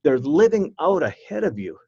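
On the high side and sing-song, this man's voice has vocal fry and a dark tone, moving at normal speed. A former youth outreach worker being interviewed, he earnestly and candidly recounts his work, repeating words and imitating the voices he quotes, in a slightly dull, dry-sounding recording.

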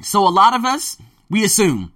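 A man hosting a casual monologue podcast as a language teacher working abroad, telling stories in an animated way and swearing freely. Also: sits high, moderate pace. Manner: animated storyteller who acts out his own quotes, swears freely. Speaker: podcast host.

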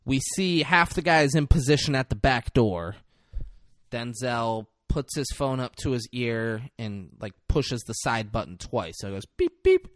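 A podcast co-host recaps a film in casual chat, his medium-pitched voice moving a little slowly. He retells scenes with real animation, slipping into character voices and swearing freely. The recording is dry and studio-clean.

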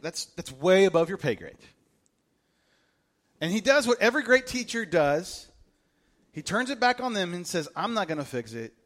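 High-voiced joking male pastor. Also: moderate pace, pauses often. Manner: humorous, animated, acts out quoted voices. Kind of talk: sermon.

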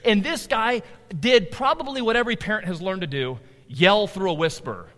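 A middle-aged man preaching a sermon, animated, swinging between loud emphasis and quiet asides. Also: high voice, fairly quick, big-room sound. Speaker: pastor.

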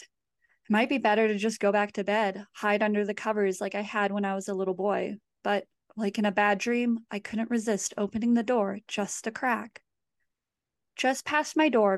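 A woman, the author, reading her own horror story aloud in a measured, steady storytelling voice. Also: mid-range voice, no echo, clean studio sound.

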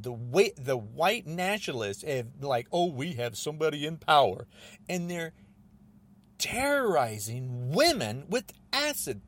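An angry man hosting his own podcast, ranting about politics in an agitated, repetitive way, often rising almost to a shout. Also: on the high side. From United States. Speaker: podcast host.

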